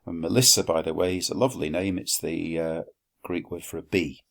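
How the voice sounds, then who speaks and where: A man teaching a Latin lesson, explaining slowly and deliberately with dry, wry asides. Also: low-pitched, fairly even intonation, gravelly. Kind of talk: recorded classroom lesson.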